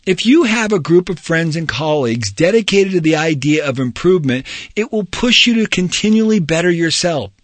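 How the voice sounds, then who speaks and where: A man's voice: a little high, lively intonation, moderate pace, no room sound. A man narrating his own nonfiction audiobook in an earnest, emphatic, motivational way, close to the mic.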